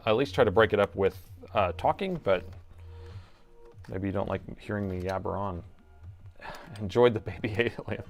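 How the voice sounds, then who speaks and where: A middle-aged man hosting a live repair stream, thinking aloud as he works and chatting to viewers in a casual way. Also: lowish voice. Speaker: repair technician and stream host.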